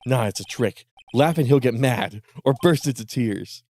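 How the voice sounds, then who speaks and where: A man's voice: mid-range voice, lively intonation, normal speed, darkish tone. A man voicing an earnest young male defense lawyer in a game, in a slightly raised voice.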